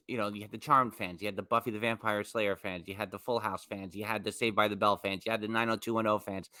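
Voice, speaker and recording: An easygoing man co-hosting a podcast, his voice bright and forward as he rambles through his thoughts. The mic is dry and close, with no room sound. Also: on the low side, no room sound. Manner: easygoing, lots of "you know" and fillers. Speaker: podcast co-host. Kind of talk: casual chat.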